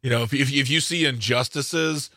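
A man's voice: medium pitch, moderate pace, sharp tone, no room sound. A man co-hosting a radio show, bantering and joking with stammered restarts. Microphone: studio microphone.

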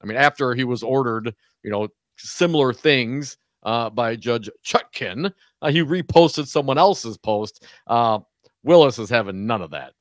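A male radio co-host in casual political chat, wry and quick to laugh, reading legal text out loud. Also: mid-range voice, no room sound, studio quality. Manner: laughing, wry, plain-spoken.

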